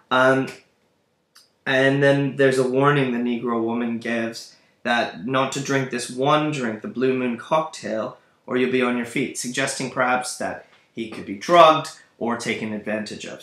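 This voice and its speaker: A male teacher walks his students through a play, thinking aloud and speaking straight to them. His voice is mid-pitched and carries a noticeable room echo. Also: a bit bright. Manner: thoughtful, thinking aloud, addresses students directly. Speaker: literature teacher. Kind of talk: explanatory lecture on a play. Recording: echoey room.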